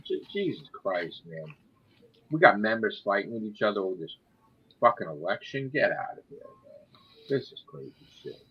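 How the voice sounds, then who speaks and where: A man's voice: lowish voice, very animated, moderate pace, breathy edge, muffled recording. An American man ranting in a casual chat, swearing a lot. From United States.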